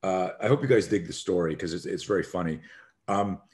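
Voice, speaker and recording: Animated man telling a story, low voice. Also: a little fast. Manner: animated storyteller who acts out scenes. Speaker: guest, self-defense expert. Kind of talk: storytelling in a podcast conversation.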